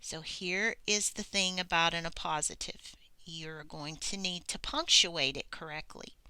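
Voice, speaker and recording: A woman teaching a recorded grammar lesson, reading examples slowly and deliberately, with soft breathy asides. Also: lowish voice, dry recording. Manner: slow, deliberate, reads examples aloud with pauses.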